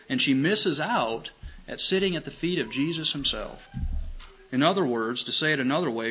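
A man preaching a sermon in an earnest way, asking rhetorical questions and stressing words gently. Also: mid-range voice, low-quality recording. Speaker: pastor.

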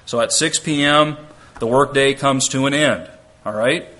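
Bright-voiced male preacher explaining scripture. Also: medium pitch, measured pace. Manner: explains step by step, reads scripture aloud, asks rhetorical questions. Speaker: preacher and Bible teacher. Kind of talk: expository sermon.

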